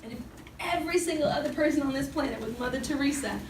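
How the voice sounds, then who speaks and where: A woman's voice: high voice, fast. A woman speaking to young people at a Catholic summer program, casual and joking as she preaches. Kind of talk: faith talk to young people. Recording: echoey room, distant mic, background noise.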